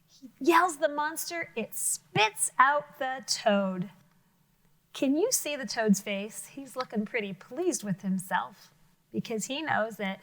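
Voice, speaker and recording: A woman teacher reading a picture book aloud to children, expressive and full of questions to her listeners, sometimes dropping to a whisper. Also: fairly high pitch, slow pace, rough recording. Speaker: elementary school teacher.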